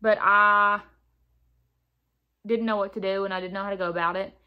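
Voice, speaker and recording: A woman's voice: mid-range voice, steady tone, moderate pace, clean tone, muffled recording. A young woman chatting candidly while doing her makeup on camera, talking loosely with plenty of fillers. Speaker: beauty vlogger. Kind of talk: casual get-ready-with-me chat.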